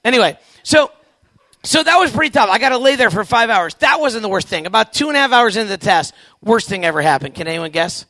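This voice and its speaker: A man in his forties spins a comic story for a crowd of kids at camp, his voice pitched high and ringing bright. He is animated, acts out every voice and keeps throwing asides to the listeners. The sound is close and dry, with no room echo. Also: fast. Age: 40s. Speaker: youth camp speaker. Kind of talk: comedic storytelling to a live audience.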